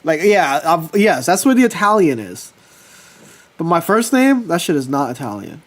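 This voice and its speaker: A man chatting casually with his livestream viewers, telling personal stories with lively swearing. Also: fairly high pitch, moderate pace. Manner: animated storytelling, swears casually. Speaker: streamer.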